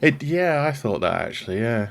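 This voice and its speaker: A man's voice: medium pitch, big pitch swings, moderate pace, creaky, slight background noise. A man hosting a podcast, chatting casually and wryly as he recaps a film from his notes. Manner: wry, chatty, laughs at his own jokes. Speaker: podcast host.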